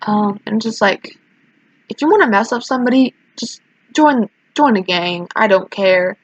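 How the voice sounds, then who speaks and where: A woman's voice: mid-range voice, expressive, moderate pace, breathy edge, no echo. A teenage girl telling a casual, rambling storytime rant, often restarting her sentences and sounding emotional. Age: teens. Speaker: vlogger. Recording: dull lo-fi sound.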